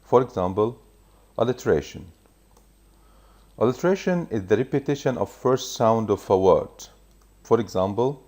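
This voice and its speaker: A man teaching a recorded revision lesson, explaining each point in a measured way and reading examples aloud. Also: medium pitch, animated, darkish tone.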